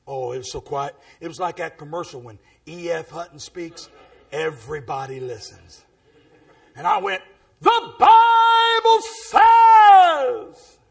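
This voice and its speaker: This man's gravelly, booming voice carries a storytelling sermon at a normal speed. He punctuates it with "amen" along the way and breaks out into shouting at times.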